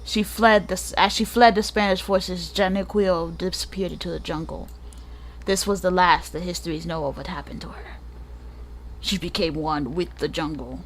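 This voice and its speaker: A woman's voice: fairly low pitch, normal speed, a little hiss or hum. A woman hosting a gaming channel, reading a book aloud and breaking off for joking asides, sometimes stumbling over hard names.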